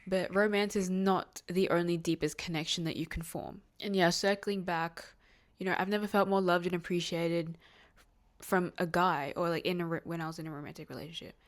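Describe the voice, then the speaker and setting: Chatty nineteen-year-old woman, slightly low. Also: steady tone, brisk. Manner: chatty and heartfelt, rambling with many fillers and restarts. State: near tears at moments, emotional. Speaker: podcast host. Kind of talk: casual solo podcast monologue.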